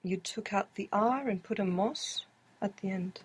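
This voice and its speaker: A woman's voice: mid-range voice, measured pace, breathy edge. A woman taking part in a language lesson as the student, giving short, tentative answers.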